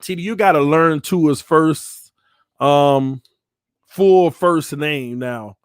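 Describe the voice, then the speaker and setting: A man hosts a casual live-stream, chatting back at viewer comments. His voice sits high and he laughs a lot, jokes freely, and trips over names. The sound is dry and close, with almost no room around it. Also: very slow, smooth, no room sound. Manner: animated, laughing, joking, stumbling over names. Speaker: channel host.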